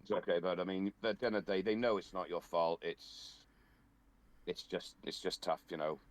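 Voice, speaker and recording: A man playing his character in a tabletop role-playing game, talking in a relaxed, halting way with many fillers. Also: low voice. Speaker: player.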